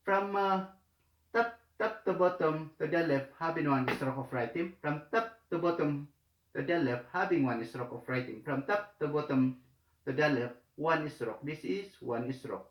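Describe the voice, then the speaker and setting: A man teaching the Korean alphabet, speaking haltingly with many pauses and repeated words. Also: a little high. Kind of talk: hesitant spoken tutorial. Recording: echoey room.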